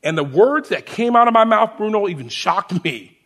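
A man preaching a testimony as a lively story, speaking to the congregation as friends. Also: high-pitched, normal speed. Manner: animated storyteller, shouts the sergeant's lines. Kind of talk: sermon storytelling.

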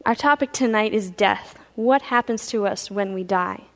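A woman pastor telling a Bible story in a sermon, animated, acting out the characters' voices. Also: mid-range voice, moderate pace. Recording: reverberant hall.

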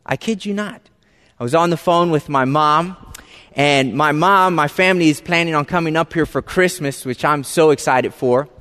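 A man telling a personal story to an audience in an animated, halting way, often repeating words as he starts a phrase. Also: a little high. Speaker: speaker addressing an audience. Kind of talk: storytelling talk. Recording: reverberant hall.

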